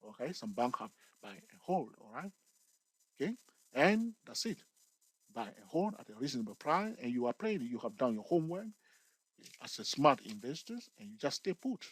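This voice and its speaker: A man's voice: fairly high pitch, husky, dry recording, low-quality recording. A man giving a casual investing tutorial, often checking in with "okay" and "all right" and joking with viewers. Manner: repetitive, peppers talk with "okay" and "all right"; lively, jokes with viewers.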